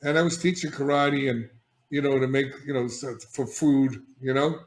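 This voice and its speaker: Older male guest, candid storyteller, emphatic with many restarts, mid pitch, roomy echo. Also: moderate pace. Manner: animated and emphatic, frequent restarts and "all right?" check-ins. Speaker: guest, addiction therapist. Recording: echoey room.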